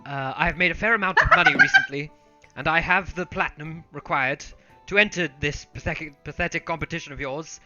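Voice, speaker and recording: An earnest, well-mannered male baker, voiced by a man with a bright tone. He speaks eagerly and politely. The recording is a bit dull, with faint music underneath. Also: on the high side, moderate pace. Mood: indignant. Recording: dull lo-fi sound.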